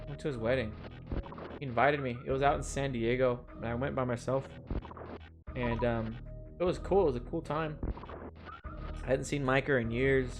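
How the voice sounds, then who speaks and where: A young man streaming a game, rambling and swearing as he tells an old story with laughs mixed in. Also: mid-range voice. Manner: rambling, swears freely, laughs through stories. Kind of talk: casual storytelling while gaming. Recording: game music behind the voice.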